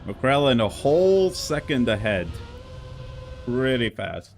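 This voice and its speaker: A man's voice: mid-range voice, sing-song, slow pace, slight background noise. A man casually commenting on racing game records on a live stream, rambling with many fillers and an occasional cough. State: coughing now and then.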